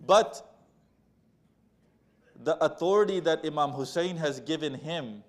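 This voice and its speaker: A man's voice: a little high, measured pace. A man giving a Muharram sermon. He speaks to the audience as brothers and sisters and retells a sacred story, acting out its quoted lines. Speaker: majlis speaker.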